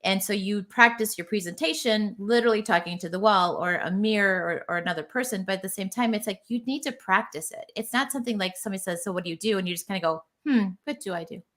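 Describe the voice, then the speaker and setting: A woman guest on a business podcast, talking as a marketing strategist. Her voice is bright and forward, and she explains things with easy confidence in a casual chat. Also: medium pitch, quick pace, few pauses.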